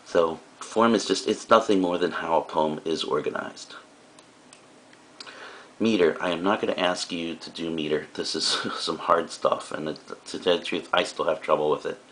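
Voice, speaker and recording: A man's voice: deep voice, steady tone, normal speed, a bit bright. A male teacher giving a recorded lecture, explaining in a casual way with frequent fillers and asides.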